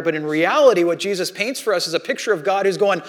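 Male pastor, high voice, casual self-deprecating sermon storytelling. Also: fast, few pauses. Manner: conversational, self-deprecating storytelling with lively swings in loudness.

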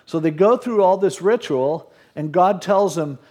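A man's voice: sits high, lively intonation, unhurried, few pauses, warm tone. Man casually retelling a bible story. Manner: casual storytelling, retelling scripture in plain modern speech. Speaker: pastor. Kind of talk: sermon.

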